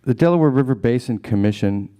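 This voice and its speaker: A man's voice: medium pitch, lively intonation, fast, mellow. A man, a documentary filmmaker, talking to a live audience in an earnest, plain-spoken way. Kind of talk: storytelling at a live gathering.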